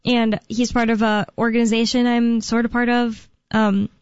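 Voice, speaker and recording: Chatty talk radio hostess. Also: female voice, fairly high pitch, little pitch movement, moderate pace, darkish tone, clean tone, dry recording. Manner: chatty, rambling, with fillers and laughs. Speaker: radio show host. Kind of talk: casual talk radio chat. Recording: dull, dry studio sound.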